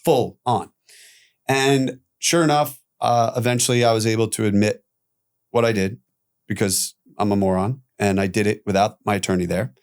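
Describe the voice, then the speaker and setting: A man guest on a podcast telling his own story candidly, animated, acting out quoted voices and swearing casually. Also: on the low side, normal speed.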